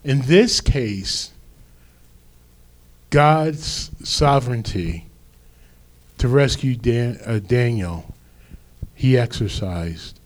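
A man preaching a sermon as pastor, slow and deliberate with emphatic rises. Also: medium pitch, animated.

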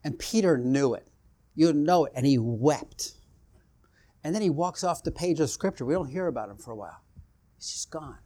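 A man's voice: fairly high pitch, animated, moderate pace, warm tone. A man preaching a sermon, retelling scripture stories and acting out the quoted exchanges, building in intensity as he goes.

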